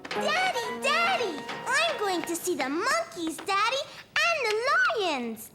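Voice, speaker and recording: Caillou, a high, eager little cartoon boy. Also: slow, exaggerated voice. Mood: excited. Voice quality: high childlike voice. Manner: excitable, playful. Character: cheerful four-year-old boy, curious and eager. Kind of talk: cartoon voice acting. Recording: music underneath.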